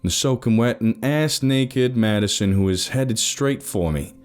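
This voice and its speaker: A man narrating a first-person story, giving each character an expressive voice. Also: lowish voice, normal speed, faint music behind.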